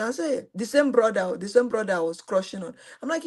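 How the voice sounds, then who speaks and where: A middle-aged woman with a Nigerian accent, telling a personal story to a live audience, her voice swinging from high exclamations to quiet low asides. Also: big pitch swings, quick pace, hardly any pauses. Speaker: host.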